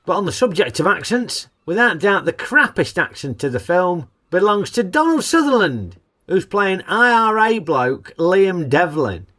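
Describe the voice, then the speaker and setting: A man's voice: high voice, sing-song, unhurried, sharp tone. A man narrating a comic film review in a cheeky, sarcastic, colloquial way.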